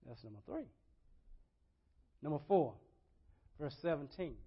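An older man preaching a sermon as pastor, shifting from quiet asides to loud impassioned pleas and repeating his words with a preacher's cadence. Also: animated, measured pace, slightly rough. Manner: swings from low asides to loud impassioned crying out. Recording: dull lo-fi sermon recording.

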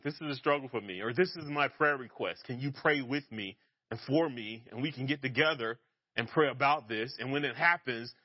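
A man preaching a relaxed, conversational sermon, joking and laughing at himself as he teaches. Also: a little high, no echo, lo-fi sound. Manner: casual and self-deprecating, laughs at himself.

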